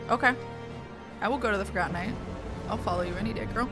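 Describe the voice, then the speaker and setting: A woman streaming a video game, chatting casually with her viewers in an excitable way and swearing now and then. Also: medium pitch, quick pace, long pauses, over music. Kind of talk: casual gaming stream commentary.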